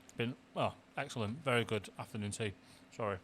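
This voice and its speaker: A male podcast host chats over afternoon tea in a restaurant, friendly and full of quick-fire questions. He talks fast in a bright, forward voice. A faint hum of noise sits behind him. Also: mid-range voice. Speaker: podcast host, marketing director. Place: restaurant in the city.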